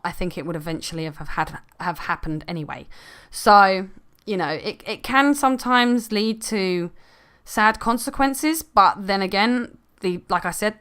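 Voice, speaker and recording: A young woman talking casually to camera as a gaming vlogger, chatty and often laughing, her voice sometimes dropping to quiet asides. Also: fairly low pitch.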